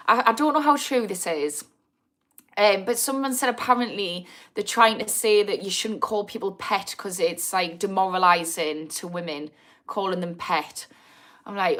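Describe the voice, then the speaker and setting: A woman's voice: mid-range voice, normal speed, a bit bright. A blunt woman in her thirties with a Geordie accent, hosting a live recovery Q&A and answering viewer comments, swearing freely. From Newcastle, England. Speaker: addiction recovery livestream host. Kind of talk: live Q&A chat.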